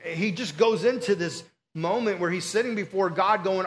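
Male pastor, fairly high voice, earnest conversational sermon delivery. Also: normal speed, hardly any pauses. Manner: earnest, pleading, conversational preaching.

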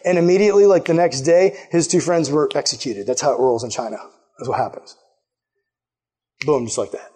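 High, lively preaching man. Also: a little fast, husky. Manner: lively, acts out quotes in put-on voices. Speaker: pastor. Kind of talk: casual sermon storytelling.

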